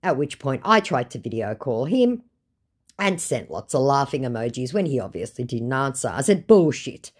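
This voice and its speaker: A woman's voice: very deep voice, big pitch swings, normal speed, breathy edge. A woman casually retelling a chat with blunt, sarcastic, swear-filled remarks. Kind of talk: casual storytelling.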